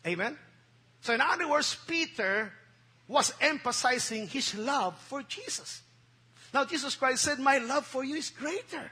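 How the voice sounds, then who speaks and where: A male pastor preaching a sermon. He mixes English with Tagalog, repeats words, keeps asking the congregation "Okay?" and "Amen?", and swings between loud bursts and hushed asides. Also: very high-pitched, moderate pace. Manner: emphatic preaching with sudden loud bursts and dropped near-whispers.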